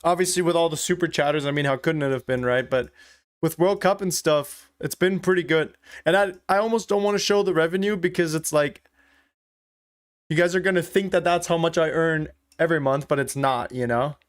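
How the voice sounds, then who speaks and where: A young man with a fairly high voice talks loosely to his livestream viewers. He swears freely, wonders out loud and thanks his chat in a relaxed way. He speaks into a desktop streaming mic. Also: brisk. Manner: casual, swears freely, thinks aloud.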